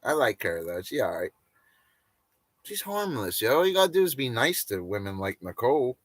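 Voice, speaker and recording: A man's voice: medium pitch, big pitch swings, normal speed, dry recording, studio quality. Rambling, joking man on a livestream. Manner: rambling, crude jokes, frequent laughter. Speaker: livestream host. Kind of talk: casual livestream rant.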